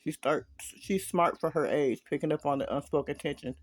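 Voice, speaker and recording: A man's voice: fairly high pitch, fairly quick, dry recording. A man casually reading a fan story aloud, dropping chatty asides to listeners. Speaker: story reader.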